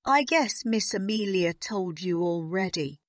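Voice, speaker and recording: A woman's voice: mid-range voice, lively intonation, unhurried, no echo, clean studio sound, close to an everyday voice. A woman voicing a stern, cold headmistress in an audiobook, speaking in a commanding, scolding tone. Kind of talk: audiobook character reading.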